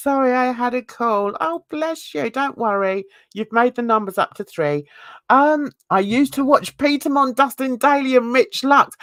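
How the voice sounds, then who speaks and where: With a high-pitched, animated and unhurried delivery, a livestream host from England chats freely with her audience. North London and rural Essex both show in her accent, and she warmly leans on British slang and pet names. It's a dry, studio-quality recording.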